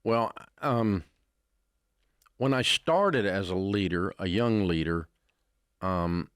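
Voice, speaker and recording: A man's voice: low-pitched, slow, clean tone, no room sound, studio quality. An older man with a Southern American accent, answering interview questions with folksy, blunt storytelling. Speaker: radio host, interviewee.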